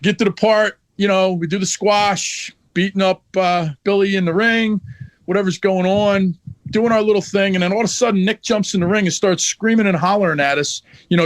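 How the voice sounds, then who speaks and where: Blunt, high-voiced man telling a story. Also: fast, no room sound. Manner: blunt, profane, heated. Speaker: wrestler guest. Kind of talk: casual podcast storytelling.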